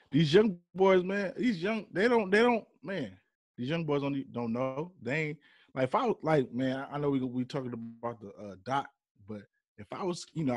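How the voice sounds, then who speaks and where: A man from the Bay Area, a podcast guest, arguing about basketball in casual chat, animated and teasing, with sudden loud protests. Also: medium pitch, no room sound, clean studio sound. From San Francisco Bay Area. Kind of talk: casual sports debate.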